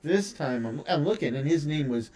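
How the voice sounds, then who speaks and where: A man's voice: fairly high pitch, lively intonation, moderate pace, warm tone. An American man chatting casually while streaming a building game, telling rambling stories with many fillers and restarts. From United States.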